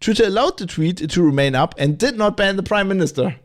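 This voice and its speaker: A man hosts his own podcast, thinking out loud in long, rambling stretches. He restarts his sentences often and jumps between asides. His voice sits slightly higher than most men's. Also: fairly quick. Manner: rambling, animated, with frequent restarts and laughs. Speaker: podcast host. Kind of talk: opinionated solo podcast talk.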